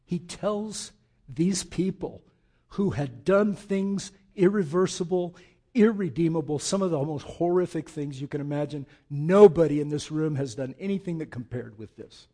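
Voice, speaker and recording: Delivering a fervent sermon at a normal pace, this male pastor has a somewhat high, animated voice. His delivery moves between quiet reflection and loud, pleading stresses built on repeated words.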